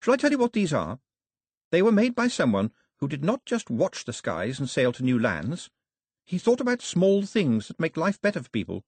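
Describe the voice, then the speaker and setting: A clever, eager young girl who talks up in a higher, lively voice, earnest and excited as she explains, as a male audiobook narrator puts her on. The voice is a little husky and sits dry and close, with no room around it. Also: normal speed, no echo, heavily acted. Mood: delighted.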